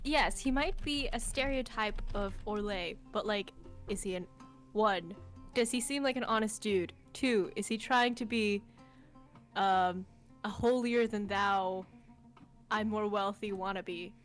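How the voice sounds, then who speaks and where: Woman player, eager questions, mid pitch, faint music behind. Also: unhurried. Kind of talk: casual tabletop game chat.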